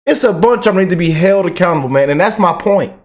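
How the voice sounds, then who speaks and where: A man hosting a reaction channel, talking casually and excitedly to his viewers in fast bursts. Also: high-pitched. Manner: excited, animated, talks fast in bursts, drawls slow commands. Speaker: commentary channel host.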